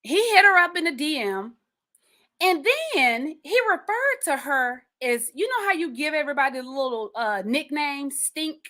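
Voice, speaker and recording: Casting: woman podcast host, bright and slightly high voice, chatty and animated, talks right to the audience. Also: moderate pace. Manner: animated and chatty, addresses listeners directly, repeats words when stressing a point. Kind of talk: casual solo chat.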